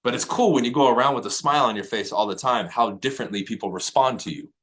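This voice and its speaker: Profane high-energy real estate coach, man. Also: fast talker, a bit bright. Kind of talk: motivational talk to agents.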